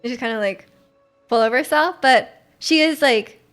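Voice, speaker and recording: Young woman gaming streamer, casual chatty rambling, lots of likes and ums, slightly high pitch. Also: normal speed, fairly bright tone. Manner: chatty and rambling, many fillers and restarts. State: clearing her throat. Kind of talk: casual live-stream chat over gameplay.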